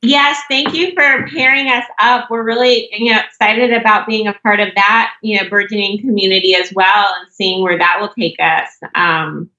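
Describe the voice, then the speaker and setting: A woman's voice: mid-range voice, fairly even intonation, moderate pace, hardly any pauses, sharp tone. A woman guest on a podcast, chatting with enthusiasm and plenty of fillers. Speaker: podcast guest, stroke survivor. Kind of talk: casual chat. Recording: roomy, dull lo-fi sound.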